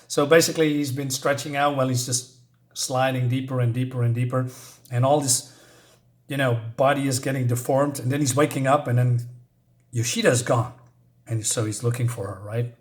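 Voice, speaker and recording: A man casually retelling a horror story, rambling and filling pauses with many ums while searching for words. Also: medium pitch, fairly even intonation.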